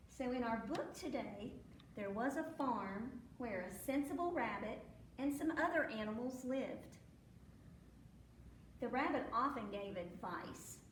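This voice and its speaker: Reading a picture book aloud to kids at storytime, this librarian fills the tale with acted sneezes and animal sounds, her high voice moving slowly and carefully. She is recorded from far off in an echoing library room with a soft hum in the background.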